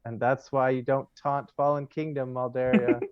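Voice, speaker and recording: A man with a smooth, resonant voice breaks down the match in an analytical, light-hearted way. The audio is dry and a bit dull, like an online call. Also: mid-range voice, level tone, normal speed, no echo. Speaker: commentator. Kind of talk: post-game analysis.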